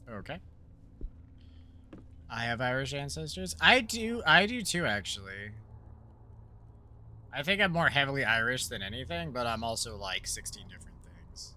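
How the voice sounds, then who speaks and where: A man casually commenting while playing a horror game, rambling and joking as he thinks out loud. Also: medium pitch, big pitch swings, moderate pace, long pauses, a little hiss or hum. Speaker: let's play streamer.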